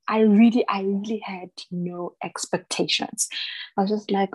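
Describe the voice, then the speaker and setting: A woman's voice: medium pitch, fairly even intonation, moderate pace, darkish tone, no room sound, low-quality recording. Young woman chatting frankly, laughs a lot, acts out what ppl said, dry close mic. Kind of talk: candid casual chat.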